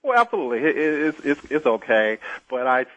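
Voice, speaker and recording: Man guesting on an interview, halting and repetitive starts, dull lo-fi archive sound. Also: medium pitch, very animated, a bit bright. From Mississippi, USA. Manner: hesitant, repeats words before getting going. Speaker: interview guest, former pro basketball player.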